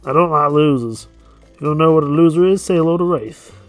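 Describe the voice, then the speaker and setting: A man voicing a loud, boastful, bullying male leader in a game. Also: mid-range voice, moderate pace, dry recording, soft background music, lightly acted.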